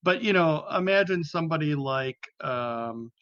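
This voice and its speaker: A man talks through his take on a film in a halting way, stopping and restarting often, with a dry critical edge. His voice sits a little high, and the recording is dull and lo-fi. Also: expressive, a bit bright, no room sound. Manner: hesitant, many restarts and fillers, dry critical. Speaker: podcast panelist. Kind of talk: casual film discussion.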